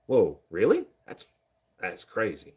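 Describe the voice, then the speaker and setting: A man's voice: fairly low pitch, wildly swooping pitch, slow pace, darkish tone, slightly rough. A young man from Indiana chatting casually on a live stream, rambling and joking at himself while talking to chat and his dog. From Indiana, USA. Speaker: livestreamer.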